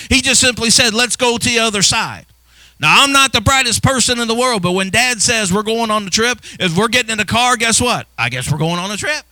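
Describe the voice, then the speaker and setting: A male pastor preaching a sermon, building from soft, low passages into impassioned shouts. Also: no echo.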